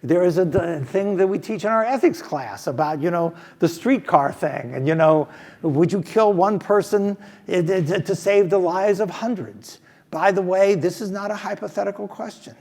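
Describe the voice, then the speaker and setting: Give me a husky older professor. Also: male voice, high-pitched, moderate pace, a little mellow, long reverb tail. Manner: thoughtful, emphatic, with frequent restarts. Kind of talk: fireside chat, answering a question. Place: stage at a business school event.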